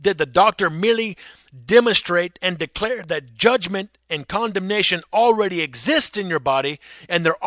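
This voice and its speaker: A male preacher delivering a sermon in a high, bright voice. He speaks emphatically, stumbles into repeated words, and acts out quoted speakers. The sound is dry and a bit muffled. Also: dry recording.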